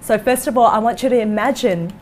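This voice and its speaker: Enthusiastic woman coach pitching her course. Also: brisk, slight background noise. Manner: enthusiastic, storytelling, salesy. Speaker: coach for dentists. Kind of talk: course pitch in an online interview.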